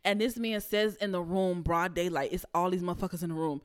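A young adult woman hosting her own podcast, telling stories of work in a blunt, profane, animated way. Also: on the low side, a little fast, hardly any pauses, clear, resonant tone, dry recording, clean studio sound. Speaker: podcast host. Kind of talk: casual storytelling rant.

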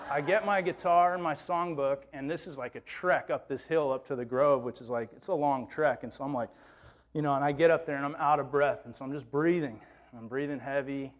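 Delivering his sermon as a personal anecdote, a man who ministers to teens keeps it conversational and often quotes his own words. His voice sits on the high side at normal speed.

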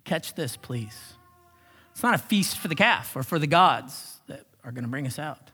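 A male pastor delivers a sermon with a husky, slightly high voice. His pitch leaps around expressively, and he swings from loud exclamations to hushed whispers. The sound carries the long reverb of a church sanctuary. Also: animated, moderate pace, faint music behind. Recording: long reverb of a large hall.

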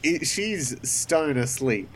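A man narrating as game master of a tabletop game, halting, with many fillers. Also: a little high, animated, a little hiss or hum, rough recording.

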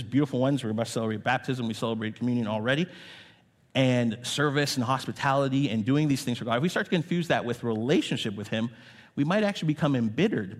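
Man preaching in a reverberant church hall. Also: mid-range voice. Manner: earnest, measured preaching with pauses and fillers. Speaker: pastor. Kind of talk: sermon.

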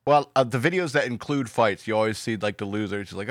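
A man's voice: lowish voice, fast talker, dry recording, studio quality. A man co-hosting a podcast in casual chat, telling stories in a rambling way and acting out the quotes. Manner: rambling storyteller, acts out quotes. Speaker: podcast co-host.

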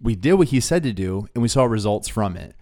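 A young man telling a faith story in a relaxed, casual way, with lots of "dude" and "like" as he talks. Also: fairly low pitch, a little fast. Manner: laid-back, says "dude" and "like" a lot. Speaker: podcast co-host.

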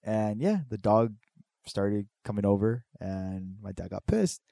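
A young man telling a story in casual chat, swearing a lot and acting out quotes with big jumps in pitch. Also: big pitch swings, a little slow, creaky, dark tone, no room sound.

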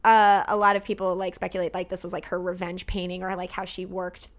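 Chatty excitable woman in her twenties. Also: fairly low pitch, fairly quick. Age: 20s. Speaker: podcast guest co-host. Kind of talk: casual chat.

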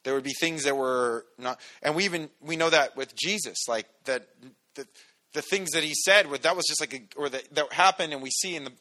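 Male pastor, slightly high, bright tone; casual sermon delivery with joking asides and restarts. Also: a little fast. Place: church sanctuary.

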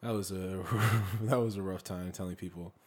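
A man's voice: low-pitched, steady tone, normal speed. A young man co-hosting a podcast, talking in a laid-back, rambling way with lots of fillers and casual swearing. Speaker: podcast co-host. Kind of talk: casual chat.

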